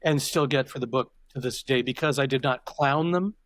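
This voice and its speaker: An older man on a podcast recounts stories in a conversational interview, reflective and wandering, restarting sentences frequently. His mid-range voice is a bit bright and moves at a moderate pace. There's no room sound.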